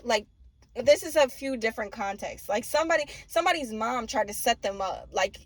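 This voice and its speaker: A woman's voice: a little high, no echo. A young woman giving a casual tarot reading, blunt and profane, often laughing and mimicking people. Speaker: tarot reader.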